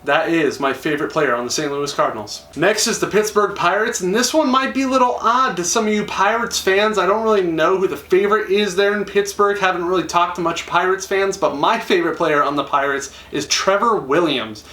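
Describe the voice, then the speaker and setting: A man's voice: high voice, a little fast, hardly any pauses, bright, forceful tone, recorded from a distance. A young man chatting enthusiastically to camera, acting out quoted lines. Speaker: YouTuber. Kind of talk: casual talk to camera. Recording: echoey room, a little off-mic.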